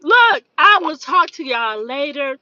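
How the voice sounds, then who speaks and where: A woman's voice: sits high, measured pace, no room sound, highs cut off. A woman hosting a casual livestream who tells stories to her viewers, laughs often and acts out the voices in her stories. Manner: lively, laughs often, acts out quoted dialogue. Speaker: livestream host.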